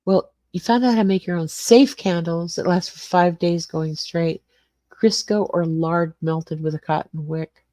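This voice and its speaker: An older woman talks casually to her livestream viewers, greeting them by name and wandering from topic to topic. Her voice sits low and mellow. The sound is dry and close. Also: measured pace, no room sound. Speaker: livestream host. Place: small garage suite with cement floor.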